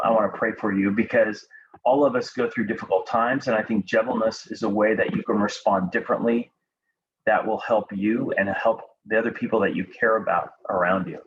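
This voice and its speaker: A man giving a devotional talk and prayer to students, speaking calmly and unhurriedly with frequent ums and restarts. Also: lowish voice, moderate pace. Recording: dull lo-fi recording with faint background noise.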